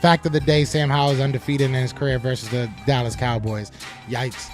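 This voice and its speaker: A man hosting a live sports podcast, reading chat comments aloud and answering them with animated trash talk. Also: medium pitch, brisk, faint music behind.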